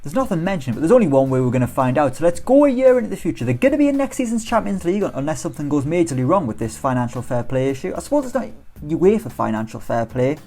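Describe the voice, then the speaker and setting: Upbeat man with a lively voice. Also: a little high, fast. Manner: chatty, upbeat, rhetorical questions. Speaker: gaming YouTuber. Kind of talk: football management game commentary.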